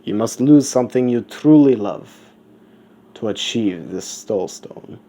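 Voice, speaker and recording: A man voicing a hooded, floating, skull-faced male guardian in a fan story, with a deep booming voice and a mock German accent. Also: expressive, unhurried, mellow, slight background noise, lightly acted. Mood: ominous.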